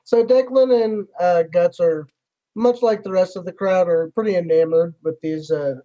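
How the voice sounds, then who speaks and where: A man's voice: high-pitched, normal speed, warm tone, poor audio. A man narrating a tabletop game as game master in a loose, rambling way, full of fillers.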